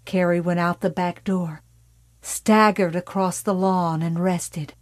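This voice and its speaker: A woman narrating an audiobook in a measured, dark storytelling manner that drops to a hush. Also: on the low side, steady tone, dry recording.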